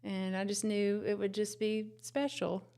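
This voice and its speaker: A young woman, telling her story as a new mother in a soft, tender, rambling way. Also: medium pitch, little pitch movement, a little slow. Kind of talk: casual personal testimony.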